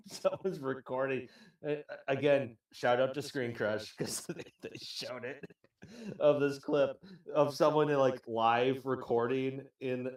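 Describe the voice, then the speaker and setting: Unhurried male co-host who laughs a lot, heard off-mic in a roomy space. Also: mid-range voice, recorded from a distance. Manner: laughs often, halting with fillers. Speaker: podcast co-host. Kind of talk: casual chat.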